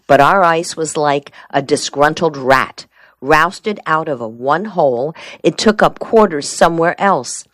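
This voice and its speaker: Low-voiced woman reading a wry memoir. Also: no room sound. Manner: wry, dry storytelling. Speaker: audiobook narrator. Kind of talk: first-person memoir narration.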